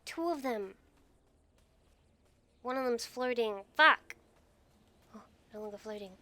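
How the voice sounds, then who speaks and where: A woman chatting casually while playing, easily distracted and quick to exclaim. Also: a little high, pushed and bright, no echo. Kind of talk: casual chat during game roleplay.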